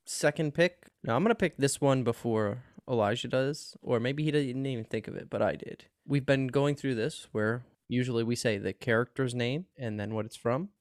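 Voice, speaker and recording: Animated, profane male podcast co-host. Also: medium pitch, normal speed, few pauses, no echo, clean studio sound. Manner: animated, profane, laughing often. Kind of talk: casual podcast chat.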